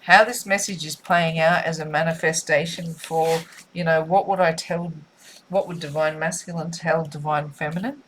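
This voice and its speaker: A woman's voice: low voice, steady tone, moderate pace, a little hiss or hum, low-quality recording. A woman giving a spiritual tarot reading, musing and repetitive in a soothing way. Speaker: tarot reader.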